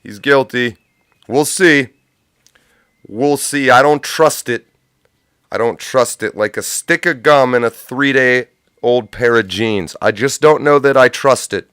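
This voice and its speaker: Male stream host, mid-pitched voice, smooth and crisp, dry close sound; riffs crude, sarcastic rants. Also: unhurried, a bit bright, no room sound. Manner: sardonic, profane riffing; rambling absurd tangents. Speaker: livestream host. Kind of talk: comedic political commentary.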